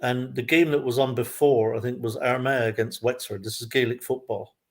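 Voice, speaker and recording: A man with a mid-pitched voice tells a long story as a guest in a casual chat. His delivery is relaxed and chatty, with plenty of asides along the way. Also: normal speed. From lives in Kerry, Ireland.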